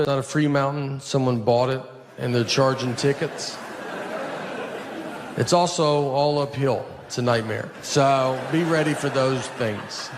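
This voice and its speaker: A man from Tennessee with a Southern accent doing a stand-up comedy set, telling stories in a deadpan, low-key way, with audience laughter behind him. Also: background noise.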